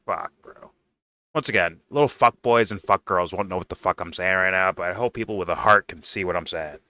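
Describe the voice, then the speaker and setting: A man's voice: low-pitched, a little fast, bright, forceful tone, dry recording. A man commenting on a debate clip in a blunt, profane, exasperated rant.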